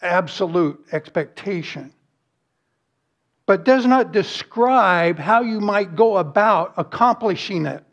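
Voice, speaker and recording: A man's voice: sits high, lively intonation, slow, fairly bright tone. A man preaching a sermon as pastor, earnest and emphatic, with rhetorical questions and lists.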